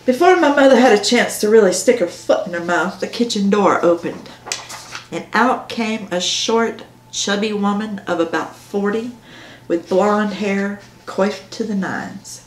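A woman author reads her own novel aloud in a measured first-person storytelling manner. Her voice sits at a middle pitch, and the recording carries a roomy echo. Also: slight background noise. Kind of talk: audiobook narration on camera.

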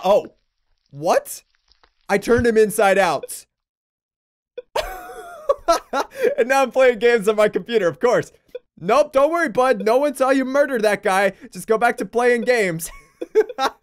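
A man's voice: very high-pitched, takes it slowly, pauses often. A man hosting a gaming video, giving casual let's-play commentary and exclaiming in surprise. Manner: excitable, laughs often, exclaims in surprise.

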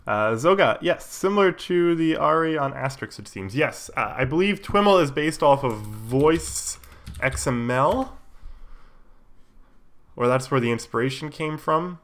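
A man with a cold, casually walking viewers through code on a live stream, relaxed and full of fillers, with keyboard typing behind him. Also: fairly high pitch, measured pace. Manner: relaxed, explains while typing, many fillers. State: has a cold, coughing. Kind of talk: casual live coding tutorial.

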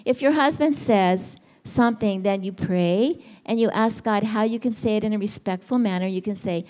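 A woman's voice: medium pitch, normal speed, few pauses, a little mellow. Middle-aged woman, church teacher, conversational, questions to the audience. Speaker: women's ministry teacher.

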